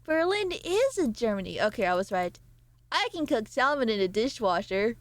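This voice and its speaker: A woman's voice: fairly high pitch, sing-song, normal speed, dry recording. A woman streamer chatting casually with her live chat, swearing and laughing as she reacts to messages.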